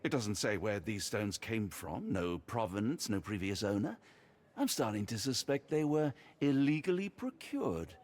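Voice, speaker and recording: A cool, evasive disguised detective. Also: male voice, lowish voice, very animated, moderate pace, darkish tone. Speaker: game character.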